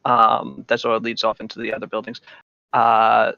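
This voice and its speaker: A man narrating a tabletop game as game master, halting with many ums and uhs. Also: fairly low pitch, completely flat delivery, creaky, bright, forceful tone, highs cut off.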